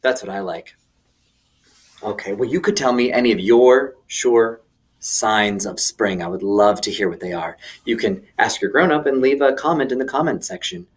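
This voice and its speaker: A man's voice: on the low side, moderate pace. A man hosting a children's video lesson, speaking playfully and enthusiastically straight to the kids. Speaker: children's teacher.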